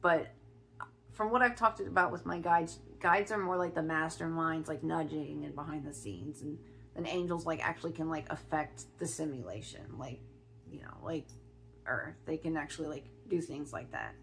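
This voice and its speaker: A middle-aged woman from Ohio telling a personal story in a chatty vlog, often restarting her sentences and filling pauses. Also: low-pitched, vocal fry, fairly bright tone. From Ohio, USA. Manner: chatty, with many restarts and fillers. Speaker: spiritual vlogger.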